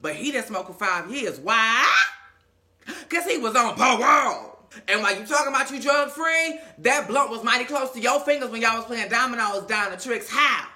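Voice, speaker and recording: Sassy male recap host; high, piercingly bright voice, profane and theatrical. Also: expressive, moderate pace. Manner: sassy and profane, dramatic emphasis. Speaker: reality TV recap commentator. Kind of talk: casual commentary.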